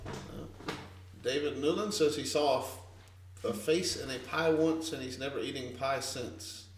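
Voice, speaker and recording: A man's voice: medium pitch, moderate pace, echoey room, recorded from a distance, slight background noise. A man co-hosting a live stream, laughing and teasing himself in a self-mocking way. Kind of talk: casual live-stream chat.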